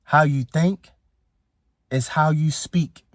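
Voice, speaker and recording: A man's voice: a little high, fairly even intonation, slow pace, dry recording, studio quality. A man giving a casual motivational talk as a coach, emphatic and preachy, who repeats his phrases for effect. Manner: casual, slangy speech. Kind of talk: motivational speech to camera.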